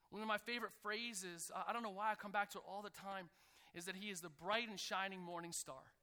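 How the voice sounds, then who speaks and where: A man preaching a sermon to a church congregation, calling out for responses and building to loud, energetic peaks. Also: high voice. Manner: energetic preaching that swells to near shouting. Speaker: pastor. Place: church sanctuary.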